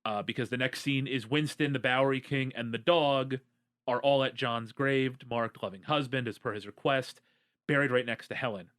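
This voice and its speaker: A man's voice: medium pitch, fairly even intonation, normal speed, a bit bright. Wry, joking man recapping a movie. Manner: joking, wry storyteller, many "um"s. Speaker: podcast co-host. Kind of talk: casual movie recap chat.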